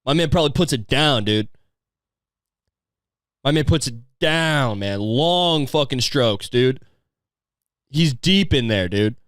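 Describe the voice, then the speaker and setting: A man's voice: medium pitch, lively intonation, slow pace, long pauses, fairly bright tone, no room sound, studio quality. Profane rambling comic man. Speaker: comedian podcast host. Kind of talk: crude casual rant.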